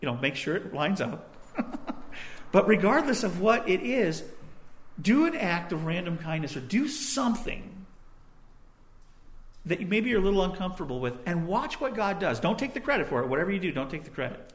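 A man's voice: high-pitched, very animated, moderate pace. A young man preaching a sermon, telling a personal story in a conversational way with little asides. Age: young adult.

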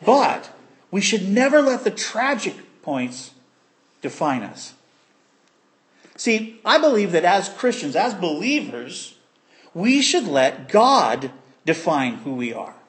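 A man preaching a sermon, telling a childhood story with animated voices and sound effects. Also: high-pitched, slow pace. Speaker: pastor.

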